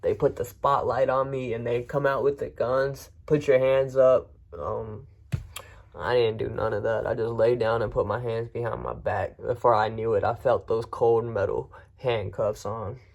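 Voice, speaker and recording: A man's voice: medium pitch, steady tone, moderate pace, gravelly, highs cut off. A man vlogger telling a personal story in a frank, rambling way with frequent restarts. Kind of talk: casual first-person storytelling.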